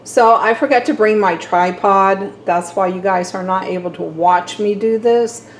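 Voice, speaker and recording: A mid-range, somewhat slow female voice belongs to an older vlogger from Missouri, chatting to camera in her home kitchen with homely friendliness. She records on a handheld camera, so the quality is low and there is slight background noise.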